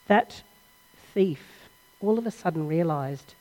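A woman's voice: mid-range voice, measured pace, darkish tone. A woman preacher giving a sermon as an earnest, dramatic storytelling retelling full of rhetorical questions. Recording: long hall reverb.

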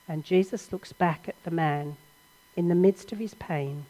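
A woman preacher tells a story in an earnest, dramatic way, asking question after question. Her voice sits on the low side, and a long hall reverb trails each phrase. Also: fairly even intonation, normal speed, dark tone. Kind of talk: sermon, storytelling retelling.

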